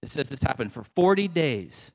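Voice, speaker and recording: Conversational male pastor, mid-pitched, recorded with a long hall echo. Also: big pitch swings, normal speed. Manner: conversational storytelling with casual asides. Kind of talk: sermon.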